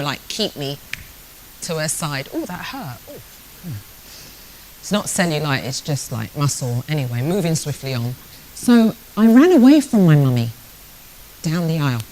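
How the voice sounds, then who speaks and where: A woman's voice: fairly low pitch, darkish tone, low-quality recording. A British woman in her sixties, a networking speaker giving a motivational talk, telling stories, joking and speaking straight to the audience. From Britain. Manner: storytelling, jokey, addresses the audience directly.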